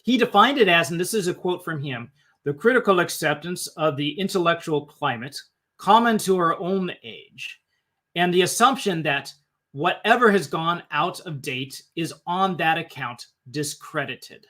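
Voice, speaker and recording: A man's voice: a little high, lively intonation, moderate pace, bright, forceful tone. A man hosting a live-stream film discussion, thinking aloud and often restarting his sentences. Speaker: host.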